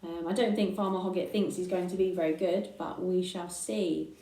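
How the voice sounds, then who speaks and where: A woman reading a children's book aloud in an unhurried way, with fillers between phrases. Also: on the low side, fairly even intonation, mellow, distant mic. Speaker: reader. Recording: echoey room, voice from afar.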